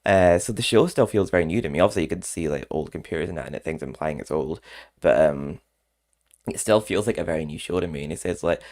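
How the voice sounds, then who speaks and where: A man's voice: low voice, quick pace, a little mellow. A man chatting casually in a rambling vlog, often laughing between remarks. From Scotland. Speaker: vlogger. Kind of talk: casual chat.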